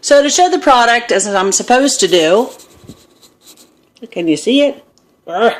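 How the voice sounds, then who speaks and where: A middle-aged woman wanders into self-deprecating stories while filming a relaxed cooking vlog in her home kitchen on her phone camera. Her higher voice is expressive and unhurried.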